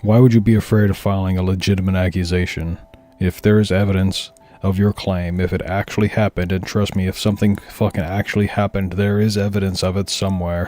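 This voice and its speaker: Blunt low-voiced man streaming. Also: warm tone. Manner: blunt, opinionated, swears freely. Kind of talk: casual commentary over footage.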